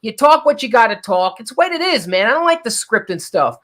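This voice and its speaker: Excitable high-voiced man host. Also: brisk. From Brooklyn, New York. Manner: excitable, repeats words and phrases. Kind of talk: casual talk show.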